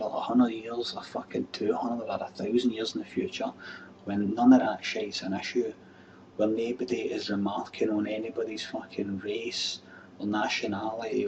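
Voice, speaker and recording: A Scottish man hosting a live webcam show, rambling and swearing in casual chat. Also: lowish voice. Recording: dull webcam audio from a distance with faint background hum.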